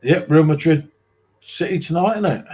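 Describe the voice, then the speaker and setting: A man's voice: fairly high pitch, normal speed, mellow. A middle-aged man with a London accent, hosting a casual beer-drinking chat, joking and reading out viewer comments. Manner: jokey banter, reads viewer comments aloud. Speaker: beer channel host.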